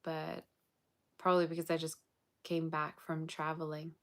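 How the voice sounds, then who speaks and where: A woman's voice: deep voice, little pitch movement, moderate pace. A woman giving a casual tarot reading, chatty and blunt with exasperated asides, sounding tired and yawning. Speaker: tarot reader.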